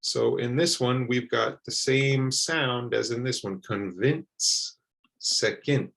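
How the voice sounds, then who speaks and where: A man teaching English pronunciation, repeating words slowly and carefully for learners. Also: mid-range voice, steady tone, creaky, fairly bright tone, poor audio. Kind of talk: slow, deliberate pronunciation lesson.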